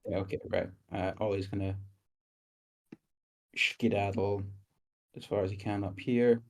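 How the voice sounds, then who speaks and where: A man's voice: fairly low pitch, steady tone, unhurried. A man playing a tabletop game, explaining his character's moves in a loose, chatty way. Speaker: player. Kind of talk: casual tabletop play.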